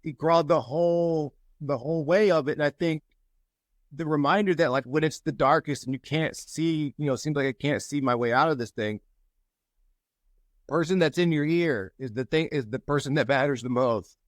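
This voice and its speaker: A man sharing encouragement and telling a story in a casual group call, lively when he quotes people. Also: on the high side, normal speed, dry recording. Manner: storytelling, animated when quoting others. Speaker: mastermind group member.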